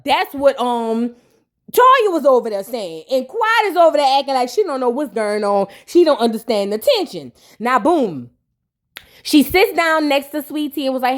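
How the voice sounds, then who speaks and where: Animated, slangy woman recapping a show. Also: high-pitched, moderate pace. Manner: animated, profane, slangy, laughs often. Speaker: reaction video host. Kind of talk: casual recap and commentary.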